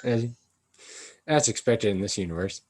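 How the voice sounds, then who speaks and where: Lively-voiced young man, playful. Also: lowish voice, normal speed. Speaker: manga review co-host. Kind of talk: casual chat.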